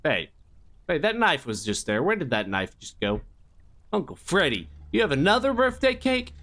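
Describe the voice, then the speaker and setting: A gaming YouTuber with a slightly high, sing-song voice and a fairly bright tone talks at normal speed. He's playing a horror game and rambling jokingly, tossing in mock-innocent asides and sing-song sound effects for a comedic let's play.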